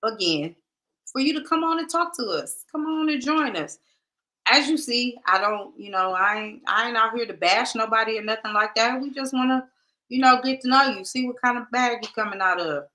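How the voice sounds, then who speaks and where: Bright-voiced chatty woman host. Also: a little high, normal speed. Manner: chatty, laughing, talks straight to viewers. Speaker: podcast host. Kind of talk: casual livestream chat.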